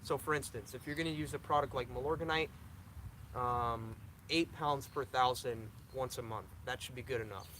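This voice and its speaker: A young man hosts a live question-and-answer stream, reading viewer questions aloud and answering them. He talks casually and repeats himself, tripping over words now and then. His voice sits at an ordinary pitch, with a faint hum of noise in the background. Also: fairly even intonation, moderate pace, a bit bright, low-quality recording. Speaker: lawn care channel host.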